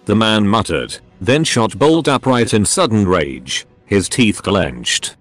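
Low-voiced male story narrator. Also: sing-song, measured pace, hardly any pauses, faint music behind.

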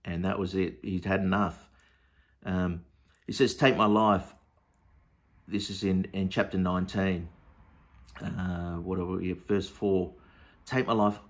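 A man teaching a Bible study in a loose, conversational way, with frequent fillers and restarts. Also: low-pitched. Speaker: preacher.

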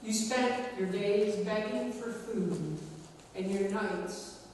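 A woman delivers a sermon at an unhurried, deliberate pace, leaning on dramatic pauses. Her voice sits at a middle pitch and comes from well back in a large, reverberant church. A long hall echo trails every phrase, with faint room noise under it. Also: a little mellow. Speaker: preacher. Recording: echoey church hall, recorded from far off.

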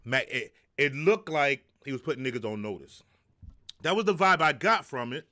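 A middle-aged live show host talks loosely and profanely on his stream, joking and reading chat messages aloud in casual live-stream style. His voice is medium-pitched, expressive and sharp in tone, at a moderate pace.

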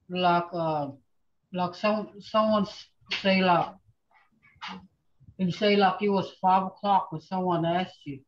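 A woman teaching a language class online, speaking slowly and patiently and repeating phrases for her students. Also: medium pitch. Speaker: language instructor. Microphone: video call. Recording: dull lo-fi video call audio.

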